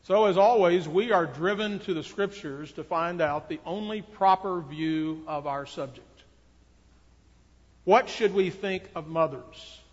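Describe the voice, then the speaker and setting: Man preaching in a reverberant church. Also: high-pitched. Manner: earnest, measured preaching with emphatic rises. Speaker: pastor. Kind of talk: sermon. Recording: dull audio with long church reverb.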